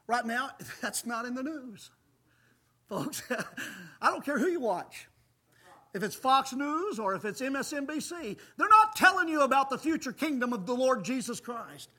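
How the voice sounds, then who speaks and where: A man preaching a sermon, emphatic, swelling loud on key phrases and calling his listeners folks. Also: extremely high pitch, slightly rough. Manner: calls audience folks, says amen often.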